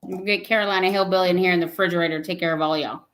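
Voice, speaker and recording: Talking very fast in a steady tone, a young pregnant woman with a lowish, slightly bright voice hosts a casual live chat. She reads viewer comments and teases them playfully, laughing often.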